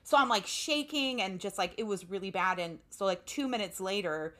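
A woman's voice: medium pitch, animated, moderate pace, bright, forceful tone. A woman telling a personal story in a casual interview, talking freely with many "like" fillers. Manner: chatty, lots of "like" fillers.

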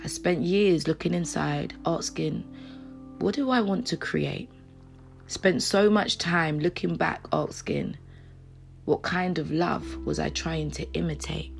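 A woman's voice: low voice, takes it slowly, vocal fry. A woman giving an uplifting talk and reading her own poem, repeating phrases and dropping to a whisper at times. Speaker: motivational speaker. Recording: soft guitar music behind.

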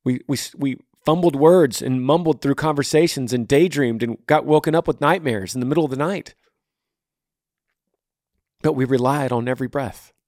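A man's voice: medium pitch, moderate pace, a little mellow, no echo, clean studio sound. A podcast host in his thirties answering a listener's question on grief, blunt and earnest, speaking in repeated rhythmic phrases. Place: home room.

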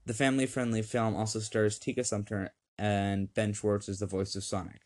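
A man's voice: lowish voice, flat delivery, normal speed, a little mellow. A young man hosting a casual home podcast, upbeat and rambling, with many fillers, reading lists off a screen. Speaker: podcast host.

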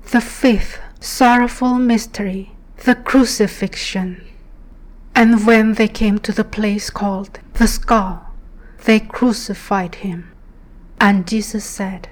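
A woman reads devotional scripture aloud in a hushed, reverent tone. Her voice sits a bit high, and she moves through each phrase very slowly, with pauses between lines. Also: rough recording. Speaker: prayer leader.

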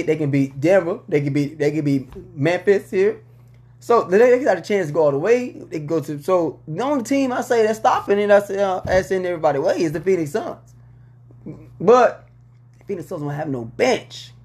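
Podcast host, male, high-pitched, loose and joking, slangy sports riff. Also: darkish tone. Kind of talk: casual sports commentary.

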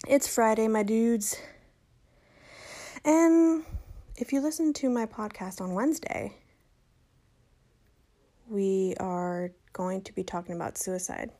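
A young woman hosts a solo podcast in a mellow, mid-range voice, animated but a little slow, pausing often. She chats casually, cracking jokes and correcting herself as she goes.

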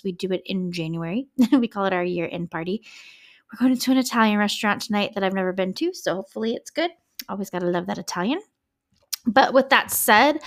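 Woman host, casual true-crime narration, talky with heartfelt asides. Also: medium pitch. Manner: chatty, emotional asides, swears when upset. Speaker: podcast host.

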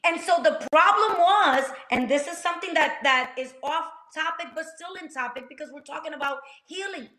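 A woman's voice: high voice, fairly quick, hardly any pauses, pushed and bright, echoey room. A woman sharing a personal faith testimony on a talk show, speaking with passion and a preacher-like fervor. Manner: passionate, preacher-like, acts out quotes.

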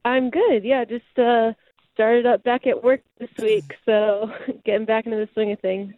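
A woman's voice: fairly high pitch, flat delivery, a little slow, dry recording. A woman in her twenties, from California, calls in as a podcast guest. Her voice comes through a thin, tinny phone line with a dry, close sound. She talks in an easy, matter-of-fact way. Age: 20s. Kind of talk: casual phone interview. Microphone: phone call.

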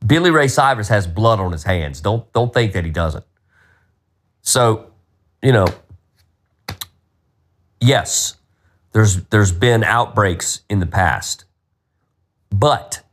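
A man's voice: on the low side, takes it slowly, long pauses. A man hosting a solo podcast, ranting with exasperation and plenty of profanity. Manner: profane, exasperated, animated rant. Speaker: podcast host.

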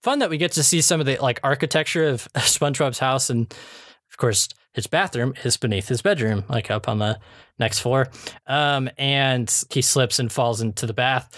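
A man's voice: mid-range voice, moderate pace, a bit bright, dry recording. Chatty male podcast host, dry sound. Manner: chatty, laughs often, many fillers. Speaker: podcast host reviewing episodes. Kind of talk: casual chat.

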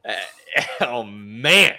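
A man's voice: medium pitch, lively intonation, very slow, sharp tone. A man co-hosting a political talk show, ranting with indignant sarcasm.

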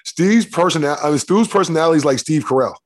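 A man from Michigan co-hosting a casual podcast, brash and profane, talking fast and steering the conversation. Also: fairly high pitch, lively intonation. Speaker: co-host, former football player.

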